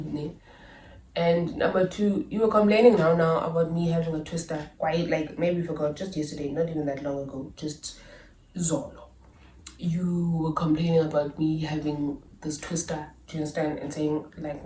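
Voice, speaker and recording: A young woman with a South African accent tells a personal story casually, animated and full of asides. Her voice sits a little low. She is slightly off-mic in an echoey room. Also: normal speed, distant mic, a little hiss or hum. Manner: chatty, animated retelling with asides and laughs. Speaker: YouTuber.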